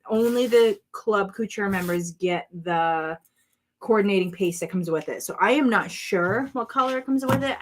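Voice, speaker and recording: A woman vlogging at home as she does a craft project, chatting to viewers and exclaiming over colors as she works. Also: medium pitch. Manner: chatty, self-narrating while working, exclaims over colors. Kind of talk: casual crafting chat to viewers.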